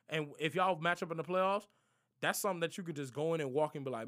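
A young man giving casual NFL game predictions, slangy and animated, trash-talking the teams he doubts. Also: a little high, normal speed. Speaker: sports prediction vlogger. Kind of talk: casual NFL picks monologue.

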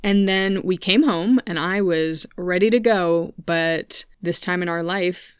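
A woman in her thirties talks openly into a home podcast microphone, chatty and candid, with asides to her listeners. Her voice sits a little low and sounds smooth and resonant. The sound is dry and close, with no room around it. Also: measured pace, no echo. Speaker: podcast host. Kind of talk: personal podcast monologue. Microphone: studio microphone at a home computer.

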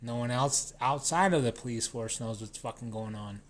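With a mid-range voice at a moderate pace, a New Mexico man launches into a loose, off-the-cuff tirade. He's heavily profane, wanders from point to point, and keeps starting his sentences over.

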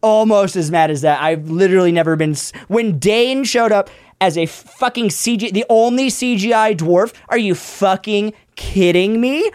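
A podcast co-host ranting in a casual chat, exasperated and swearing freely. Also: female voice, medium pitch, moderate pace, hardly any pauses. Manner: exasperated, profane, animated ranting.

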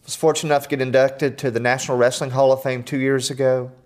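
A middle-aged man, a podcast guest, telling personal stories in an earnest, animated way with self-deprecating humor. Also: medium pitch, fast talker. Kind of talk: storytelling in conversation.

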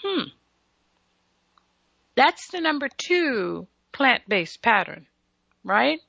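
Slow, gravelly woman radio health host. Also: a little high, big pitch swings, pushed and bright, dry recording. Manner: emphatic, teasing, preachy asides to listeners. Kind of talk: solo radio health talk. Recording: dull lo-fi radio broadcast audio.

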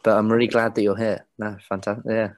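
A man's voice: fairly low pitch, little pitch movement, brisk, slight background noise, natural voice. A man voicing a woman who hosts a carnival ball, rambling and hesitant, fond and fretting over a young boy. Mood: grateful.

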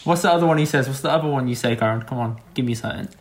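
A man's voice: mid-range voice, very fast. A man co-hosting a casual podcast chat, playful and fond of catchphrases. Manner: playful, quotes himself with catchphrases. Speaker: podcast co-host.

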